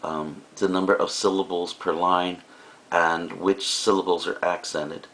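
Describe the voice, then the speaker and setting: A man's voice: deep voice, little pitch movement, unhurried, a bit bright. A male teacher giving a recorded lecture, explaining in a casual way with frequent fillers and asides.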